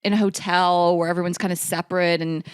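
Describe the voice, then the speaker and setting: A woman's voice: lowish voice, flat delivery, fast, clear, resonant tone, dry recording, clean studio sound. A woman in her forties co-hosting a podcast, chatting casually with frequent laughter. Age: 40s. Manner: chatty, laughs often, emotional when reading aloud. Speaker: podcast co-host. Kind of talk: casual chat.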